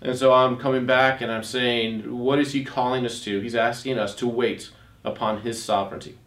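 A man's voice: medium pitch, flat delivery, moderate pace, fairly bright tone, reverberant. A man preaching a sermon. He reads scripture aloud, comments on it, and rises on his rhetorical questions. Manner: frequent restarts while explaining.

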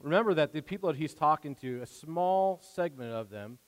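This pastor's slightly high voice is animated and brisk as he preaches with earnest, conversational warmth. He stops and starts again, acting out the prayers he quotes, while a long hall reverb trails behind him.

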